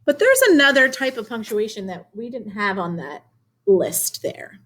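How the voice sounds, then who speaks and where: Woman teacher, young adult, clear encouraging delivery, online lesson for kids. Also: fairly high pitch, sing-song, normal speed, a bit bright. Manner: clear, encouraging classroom delivery with questions to students. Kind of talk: remote video lesson for children.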